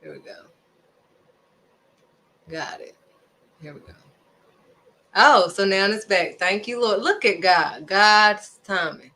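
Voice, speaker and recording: A woman's voice: mid-range voice, takes it slowly, pauses often, pushed and bright. A woman hosting a devotional video, preaching casually and emphatically, firing off rhetorical questions. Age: adult, raising children.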